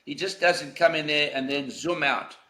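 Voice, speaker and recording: A man's voice: fairly high pitch, fairly even intonation, moderate pace, pushed and bright, echoey room. An older man from South Africa, a golf legend being interviewed, telling anecdotes in a reflective, emphatic way. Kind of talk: conversational interview.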